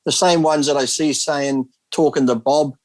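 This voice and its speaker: A man's voice: a little high, fairly even intonation, moderate pace, darkish tone, no echo. A man on a video call, telling rambling stories in casual chat and swearing freely. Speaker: guest.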